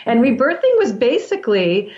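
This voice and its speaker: A woman breathwork practitioner with a somewhat high voice talks in an interview. She explains calmly and steadily, often circling back to restart a thought. The recording sounds roomy and a little muffled. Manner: calm, measured explaining with frequent restarts.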